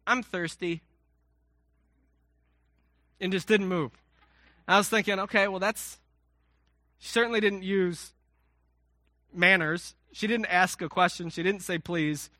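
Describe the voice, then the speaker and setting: Bright-voiced pastor preaching in a dry room. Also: male voice, high voice, no echo. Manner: conversational preaching with self-mocking asides and acted-out quotes. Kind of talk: sermon.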